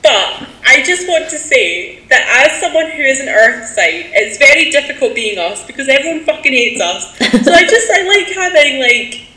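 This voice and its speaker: A woman's voice: high-pitched, sing-song, moderate pace, sharp tone. A woman in her twenties, co-hosting a podcast, frank and sweary in casual chat. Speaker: podcast co-host. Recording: roomy echo.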